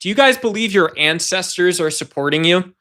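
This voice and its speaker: A man's voice: high voice, lively intonation, a little fast, pushed and bright. A man hosting a casual livestream, rambling and talking directly to his chat viewers. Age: adult. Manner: rambling, talks to chat viewers, puts on mocking voices. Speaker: livestream host.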